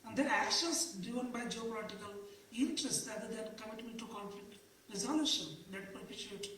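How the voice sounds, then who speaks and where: A woman's voice: on the high side, brisk, a bit bright, a little hiss or hum. A woman giving a conference panel presentation, hesitant, with many fillers and restarts. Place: conference room. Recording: echoey hall, distant mic.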